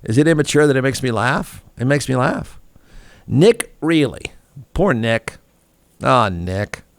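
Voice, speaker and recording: A man's voice: mid-range voice, lively intonation, a little slow, dry recording. A man hosting a talk show, ranting in a snarky, irreverent way and laughing at his own jokes. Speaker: radio show host. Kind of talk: comedic talk show rant.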